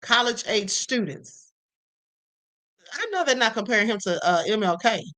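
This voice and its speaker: A woman hosts a live stream with sassy commentary, often calling her viewers honey. Her voice swoops widely and rings bright. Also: mid-range voice, very animated, fast talker. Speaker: host.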